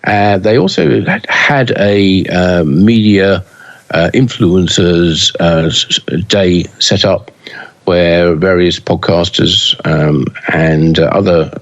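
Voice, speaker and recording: A man's voice: low voice, slow, muffled recording. A man co-hosting a pinball news podcast in casual chat, hesitant with many fillers and restarts.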